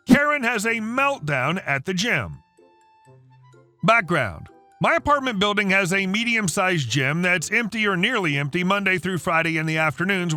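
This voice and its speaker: Lively high-voiced male story narrator. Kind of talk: reading online stories aloud. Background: faint background music.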